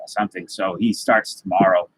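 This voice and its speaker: A man's voice: low-pitched, steady tone, moderate pace, low-quality recording. A man hosting a casual live stream, rambling loosely and greeting viewers by name as he reads their comments. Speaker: livestream host.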